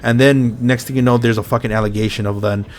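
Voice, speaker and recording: A man's voice: mid-range voice, steady tone, fast talker. A man hosting a podcast in casual chat, ranting bluntly and swearing often. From Mexico's Baja California border region. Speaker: podcast host.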